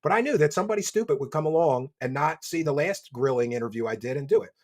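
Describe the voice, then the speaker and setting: A man with a Philadelphia accent hosting a livestream, reading donations and mocking his subject with loud bursts. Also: on the high side, animated, fast. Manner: mocking, loud bursts, reads chat aloud. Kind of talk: casual livestream commentary. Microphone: desk microphone.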